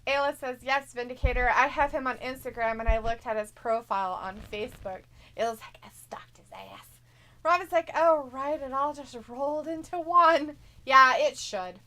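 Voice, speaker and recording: A woman's voice: sits high, bright, forceful tone. A woman from the Upper Midwest co-hosting a live watch-along stream, chatting casually, teasing and giggling as she reads viewer comments aloud. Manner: giggly, teasing, quick reactions.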